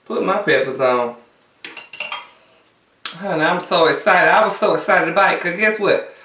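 A woman's voice: fairly low pitch, animated, moderate pace, a bit bright. A woman hosting a casual eating show, chatting and humming over her food between bites. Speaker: mukbang host. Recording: echoey room, a bit far from mic.

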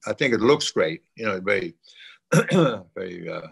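An older man chatting as a guest in an interview, halting and repeating himself, often adding "you know". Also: low voice, animated, vocal fry, husky. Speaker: guest singer. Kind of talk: casual interview chat.

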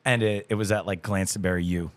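A young man talks in a low, unhurried register, recorded close and dry. He tells stories loosely, leaning on filler words and casual swearing. It is relaxed podcast-interview talk. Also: no echo. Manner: loose and chatty, full of "like" and swearing. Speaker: guest musician, band vocalist.

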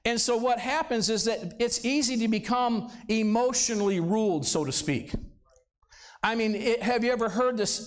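A man's voice: extremely high pitch, normal speed. A male pastor preaching a sermon in a church service, talking conversationally and throwing rhetorical questions at the congregation. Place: church sanctuary, live service.

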